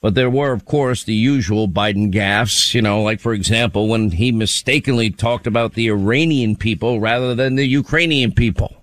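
A man's voice: on the low side, normal speed, few pauses, dry recording. A man hosting a radio talk show, giving casual commentary and laughing mockingly as he talks.

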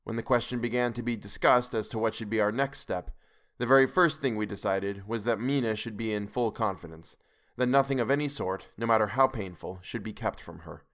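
A man narrating a classic novel aloud in a grave, measured way. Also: lowish voice, a bit bright. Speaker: podcast reader. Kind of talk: audiobook narration.

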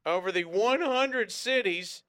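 A man's voice: high voice, a little slow, sharp tone. A man co-hosting a radio show, chatting casually and joking around, often breaking into silly voices. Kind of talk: casual comedic chat.

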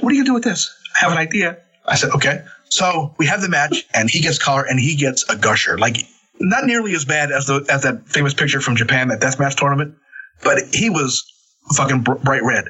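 A man casually telling wrestling-road stories, animated and cursing, acting out the quotes. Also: on the high side, slightly rough, highs cut off. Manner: animated, swearing, acts out quotes. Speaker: podcast guest, former wrestler. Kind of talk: casual storytelling.

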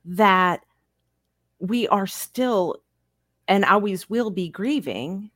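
Calm, reassuring woman co-host. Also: medium pitch, slow, dry recording, studio quality. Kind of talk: casual chat.

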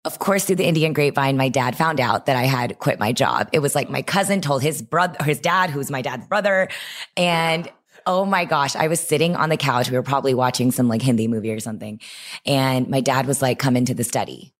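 A young adult woman from the United States, a guest entrepreneur, telling her story in an animated, expressive way during a casual interview. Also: rumbling low, fairly quick.

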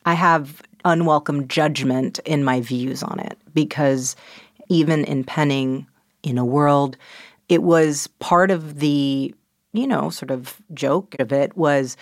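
A middle-aged woman author in a conversational interview, talking quickly and animatedly, dropping into quick voice impressions. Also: sits low, dry recording, studio quality.

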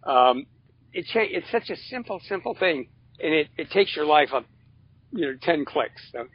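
A man who is a guest on a podcast, talking about coaching in an animated way, acting out little quotes and restarting his phrases. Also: a little high, normal speed, muffled recording, slight background noise. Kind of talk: casual interview chat.

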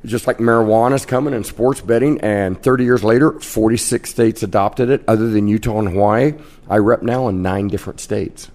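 A man in his fifties from Kansas, a casino host telling lively stories as a guest in a podcast interview. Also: fairly low pitch, moderate pace. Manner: brash, animated anecdote-teller.

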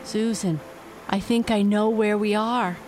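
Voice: medium pitch, animated, unhurried, slight background noise, pitched above the performer's own voice. A storybook reader voicing a frightened young male cat who cannot swim, talking in a panicked, pleading way. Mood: desperate. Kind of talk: bedtime storybook reading.

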